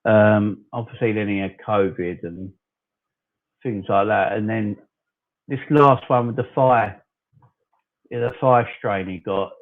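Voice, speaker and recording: A man in his forties from southern England, hosting a casual fan livestream, chatting loosely and arguing back at commenters he calls "fella". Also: on the low side. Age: 40s. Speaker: fan channel host. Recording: tinny phone-like sound.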